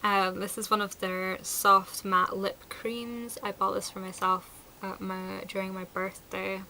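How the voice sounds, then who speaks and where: A woman's voice: medium pitch, flat delivery, measured pace, vocal fry, sharp tone, slight background noise, low-quality recording. A woman chatting casually through a product review, enthusiastic and sprinkled with fillers. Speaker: beauty vlogger.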